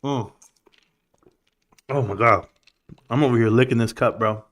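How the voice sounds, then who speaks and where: A man's voice: mid-range voice, measured pace, pauses often, fairly bright tone. A young man hosting a casual livestream, joking crudely, laughing often and calling people bro. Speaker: livestream host.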